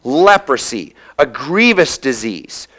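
A man preaching a sermon, retelling a scripture story with animated storytelling and briefly acting out the characters' voices. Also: medium pitch. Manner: reads scripture aloud in a measured cadence.

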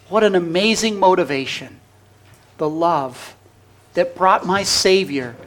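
A man delivers a sermon in a fairly high voice, unhurried and deliberate. He swings between loud, urgent pleading and soft, hushed near-whispers, drawing out his key phrases for emphasis. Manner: preaching with drawn-out emphatic phrases. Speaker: pastor.

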